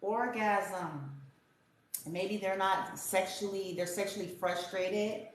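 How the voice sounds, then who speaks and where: A woman's voice: mid-range voice, takes it slowly. A woman giving a casual tarot reading in a blunt, profane, rambling rant. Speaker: tarot reader. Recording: very echoey room with faint hiss.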